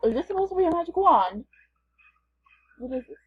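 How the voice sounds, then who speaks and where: A woman's voice: very high-pitched, big pitch swings, a little fast, dull audio. A woman gamer giving casual, playful commentary as she plays, chatting and thinking aloud. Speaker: gamer vlogger.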